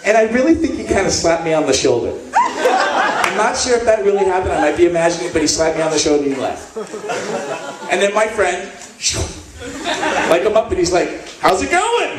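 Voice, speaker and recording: A man telling a comic story to a live audience and acting out the people in it with lively voices. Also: high-pitched, fairly quick, long pauses, heavy background noise. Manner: animated, acts out quotes in voices. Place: stage at a live event. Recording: roomy live venue, mic at a distance. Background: audience laughing.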